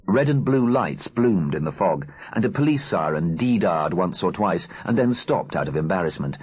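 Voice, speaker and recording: A man reading an audiobook aloud in an expressive, animated narrating style. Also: low voice, moderate pace, few pauses, breathy edge. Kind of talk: scripted narration.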